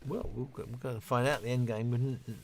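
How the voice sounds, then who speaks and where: A man's voice: medium pitch, steady tone, a little fast, a little hiss or hum. Man in his fifties, livestream host, rambling casual chat, self-interrupting, answering viewer questions.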